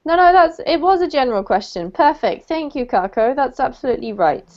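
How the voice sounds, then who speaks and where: A woman tutor runs an online English lesson, praising her student and slowing down to model pronunciation. Her voice sits slightly high. The call audio is dull and lo-fi. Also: lively intonation. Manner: encouraging, clarifies pronunciation with slow modeled words. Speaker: English teacher.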